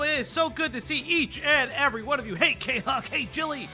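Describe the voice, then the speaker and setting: Animated high-voiced male stream host. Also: a little fast, hardly any pauses, soft background music. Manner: animated, playful radio-host delivery with stammered restarts. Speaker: livestream host. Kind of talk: casual livestream chat.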